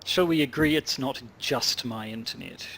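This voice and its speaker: A man's voice: medium pitch, expressive, moderate pace, vocal fry, fairly bright tone. A man co-hosting a podcast over a video call, with wry, teasing banter. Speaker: podcast co-host. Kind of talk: casual chat. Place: home in New Zealand.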